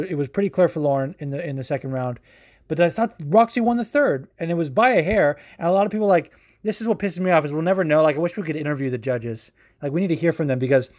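Male podcast host, loose and profane, animated delivery, voice a touch high. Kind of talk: casual podcast commentary.

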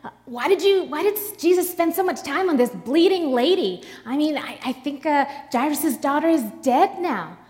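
A woman's voice: high-pitched, expressive, moderate pace, darkish tone, in a large hall, voice pushed up. A woman preacher voicing a flustered, nervous onlooker in a crowd who stammers and hesitates.

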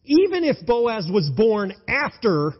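A male pastor preaching an enthusiastic sermon, swinging between loud exclamations and hushed tones. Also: high voice, very animated, slow pace, slightly rough. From United States. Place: church sanctuary. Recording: dull, lo-fi sound in a reverberant hall.

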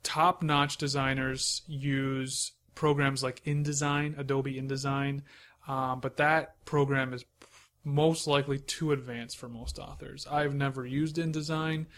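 A man hosting a podcast, giving relaxed, conversational advice drawn from his own experience as an author. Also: mid-range voice, unhurried. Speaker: podcast host and self-published author. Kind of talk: casual advice talk.

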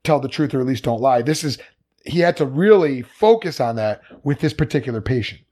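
A man's voice: medium pitch, expressive, a little fast, darkish tone. A man co-hosting a casual podcast chat, speaking earnestly and reflectively. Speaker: podcast co-host.

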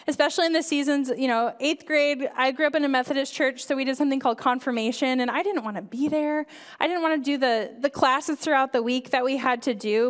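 Woman, 30s, high voice, church kids director giving a conversational sermon. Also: long reverb tail. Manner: earnest and conversational, frequent "right?" and "um". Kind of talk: sermon talk.

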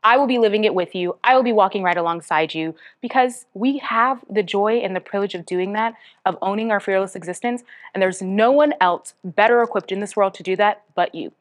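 A woman hosting a motivational podcast, speaking earnestly and encouragingly, with bursts of bubbly excitement. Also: mid-range voice, brisk, few pauses. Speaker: podcast host and author. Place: Smyrna, Georgia area.

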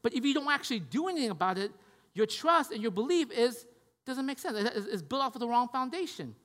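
A man's voice: very high-pitched, lively intonation, fast, a bit bright. A man preaching a conversational sermon, casual and repetitive, checking in with the listeners as he goes. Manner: casual, repeats "right?" and "you guys get me?". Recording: long hall reverb.

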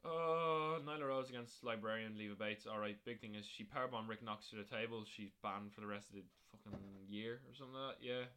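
A man's voice: fairly low pitch, steady tone, fairly quick, few pauses, sharp tone, smooth. A man hosting a podcast on his own, recapping wrestling shows in a rambling, casual way with plenty of fillers and swearing. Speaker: podcast host.

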